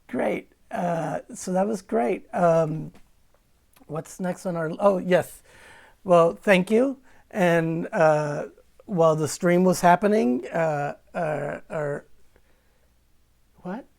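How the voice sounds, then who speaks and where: A woman's voice: fairly low pitch, slow, creaky, long pauses, a little mellow. A woman hosting an online concert from home, chatting casually and rambling, often correcting herself mid-sentence. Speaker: concert series host. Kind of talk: casual livestream chat.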